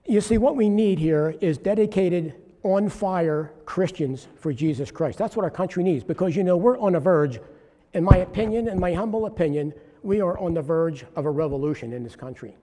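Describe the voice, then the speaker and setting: Male preacher, high voice with a warm, mellow tone, earnest storytelling sermon in a hall with long reverb. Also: moderate pace. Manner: earnest storytelling, rising to exhortation. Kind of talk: sermon testimony.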